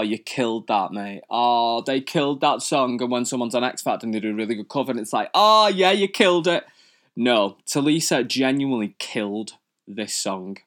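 A young man hosting a comic rant to camera, camp, theatrical and full of swearing. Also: mid-range voice. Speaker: host.

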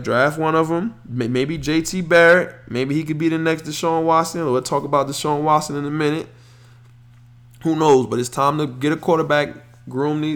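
Animated man ranting about sports. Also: fairly high pitch. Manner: opinionated, animated rants with slang. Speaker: podcast host. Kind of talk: casual sports talk.

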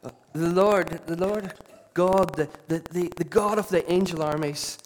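A man, a lead pastor preaching a sermon with impassioned, repetitive emphasis and quieter asides. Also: high-pitched, measured pace, a little hiss or hum. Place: church hall.

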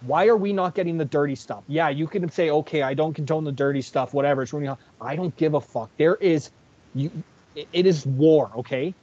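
A man's voice: a little high, a little fast, darkish tone. A man co-hosting a casual sports podcast, ranting in a fired-up, profane way. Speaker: podcast co-host. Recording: dull lo-fi audio.

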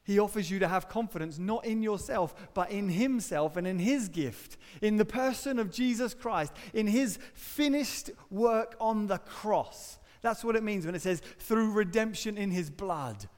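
Male preacher with a high voice, earnest sermon in a reverberant church. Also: measured pace, hardly any pauses, a little mellow. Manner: earnest, varies pace for emphasis, dry humour. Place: church hall.

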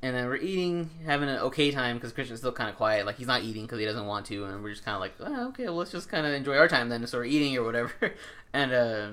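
A young man tells a story among friends at a brisk clip. He is animated and swears freely, and he voices what his friends said along the way. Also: medium pitch. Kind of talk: casual storytelling chat.

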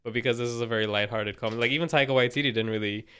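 A young man in a casual movie chat, rambling with many fillers and getting animated when quoting scenes. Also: medium pitch, racing, clear, resonant tone. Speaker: podcast co-host.

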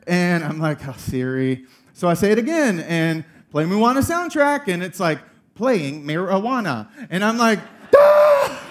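A man in his thirties preaching a sermon, telling a funny family story with lively energy. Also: sits high, measured pace, few pauses, slight background noise. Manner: storytelling, animated, laughing through funny story. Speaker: pastor.

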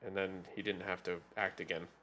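A man's voice: low-pitched, little pitch movement, a little fast, a crowd in the background. A man co-hosting a podcast in casual chat, dry and laid-back, listing things off as he goes. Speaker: podcast co-host.

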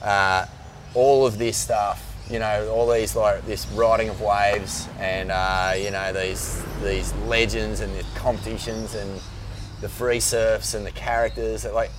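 A middle-aged Australian man with a lowish voice, spinning surf stories in an excited, rambling way full of fillers. There is a faint hiss under the recording of this casual podcast chat. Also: unhurried. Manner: animated storyteller, rambling with fillers. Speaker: guest, surf magazine editor.

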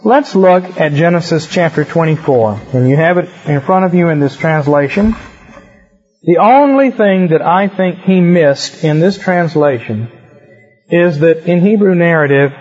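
A man teaches a Bible class in a husky, fairly high voice. He explains things in a conversational way and often gives examples. The recording is muffled and lo-fi. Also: a little slow, darkish tone.

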